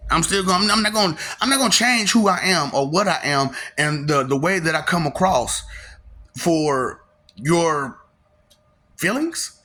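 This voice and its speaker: A man delivers a rambling solo monologue, taunting and manic, breaking into cackling laughter. His voice sits a little high and sounds bright and tense, and it swings widely in pitch. A gravelly fry runs under it. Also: expressive, unhurried. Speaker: vlogger.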